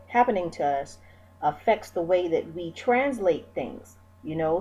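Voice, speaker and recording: A woman's voice: fairly low pitch, a little mellow, poor audio. Candid, encouraging woman in her forties. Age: 40s. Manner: candid, encouraging, lots of fillers. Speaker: vlogger. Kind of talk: reflective personal talk.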